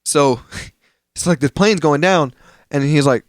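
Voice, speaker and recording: Speaking at a measured pace with a fairly high pitch, a young man co-hosting a podcast tells stories animatedly, voicing the characters in the scenes he retells. His casual chat is loaded with slang and profanity.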